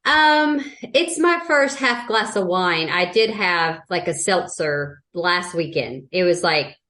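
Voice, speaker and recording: A woman's voice: lowish voice, animated, takes it slowly, bright, forceful tone. A woman with a Southern US accent co-hosting a podcast, blunt and sweary, chatting casually. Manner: blunt, sweary, laughs often. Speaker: podcast co-host. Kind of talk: casual chat.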